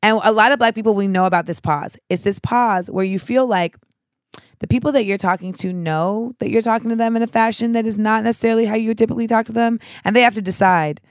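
A woman hosting a podcast in casual chat, telling stories in an animated, profane way full of asides. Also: on the high side, fast talker, dry recording, studio quality. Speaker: podcast host.

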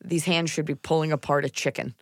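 A woman's voice: low voice, fairly even intonation, dry recording, clean studio sound. Blunt, sarcastic woman podcast host. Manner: blunt, sarcastic, quick asides. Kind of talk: casual chat.

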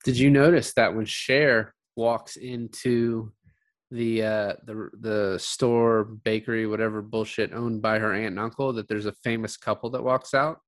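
A man's voice: on the low side, little pitch movement, measured pace, dry recording. Blunt, profane man chatting about a movie. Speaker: podcast co-host. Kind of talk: casual movie chat.

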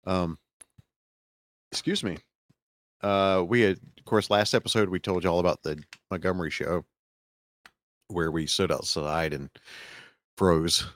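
A man's voice: low voice, steady tone, measured pace, pauses often, fairly bright tone, dry recording. A man with a Southern American accent, hosting a casual podcast chat and telling a rambling story full of fillers. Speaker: podcast host.

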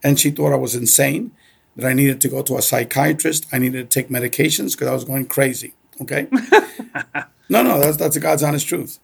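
A man's voice: mid-range voice, brisk, gravelly, husky. A middle-aged man from Cuba telling a story in a casual way, often checking in with "okay?". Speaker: guest.

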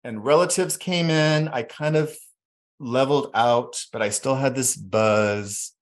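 A man telling his life story reflectively, halting often with fillers. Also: medium pitch. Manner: reflective, halting with fillers, acts out quoted voices. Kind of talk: personal storytelling.

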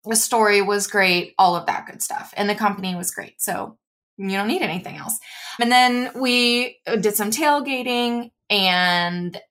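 A woman co-hosting a podcast in casual chat, talky and quick to react with laughs. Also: medium pitch, fairly bright tone. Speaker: podcast co-host.

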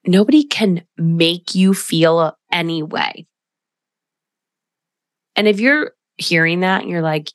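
A middle-aged woman coaching her listeners through a solo podcast, direct and emphatic, with a slightly low voice. The sound is close and dry, with no room around it. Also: animated, slow pace, pauses often, no echo.

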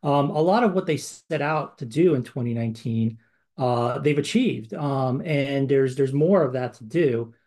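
A man's voice: medium pitch, unhurried, darkish tone. A man co-hosting a podcast, talking in a casual conversational way with many fillers and restarts. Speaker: podcast co-host. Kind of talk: casual chat.

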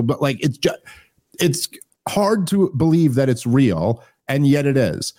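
A man's voice: medium pitch, lively intonation, a little slow, mellow. A man hosting a podcast, chatting about politics in a rambling, joking and profane way. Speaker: podcast host. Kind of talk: casual comedic political chat.

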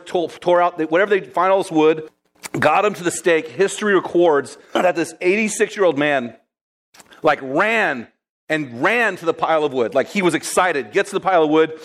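A man preaching a sermon, retelling a martyr story in a lively, conversational way. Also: fairly high pitch, normal speed. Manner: lively, conversational, addresses listeners as guys.

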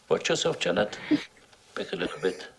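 A slow, teasing grown man. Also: fairly high pitch, big pitch swings, creaky, heavily acted. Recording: film clip with loud background noise.

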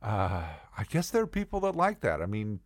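A man's voice: lowish voice, fairly quick, no echo. Guy rambling through funny stories, voice jumping all over, dry close sound. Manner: rambling, animated, digressive. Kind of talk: comedic storytelling monologue.

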